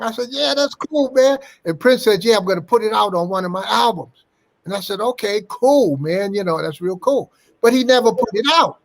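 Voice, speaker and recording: An older man recalling old times in an interview, his voice sitting a bit higher than most men's. He is a lively storyteller who slips into the voices of the people he quotes. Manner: animated anecdote-teller, acting out quoted dialogue. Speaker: interview guest.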